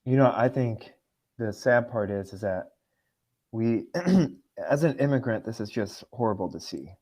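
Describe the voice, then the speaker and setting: A man from Russia, a guest on a podcast, giving earnest and upset political commentary and clearing his throat now and then. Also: medium pitch, animated, unhurried, a little mellow.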